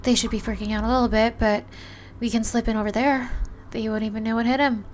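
A woman's voice: on the high side, little pitch movement, fast talker, noisy background, lightly acted. A woman playing a feisty, foul-mouthed elf hacker. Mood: hushed, stealthy. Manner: swearing, teasing banter with laughs. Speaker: voice actor. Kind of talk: listener-addressed audio role-play.

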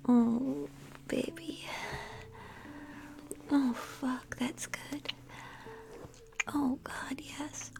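Slow whispered role-play, young woman. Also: sits high, fairly even intonation.

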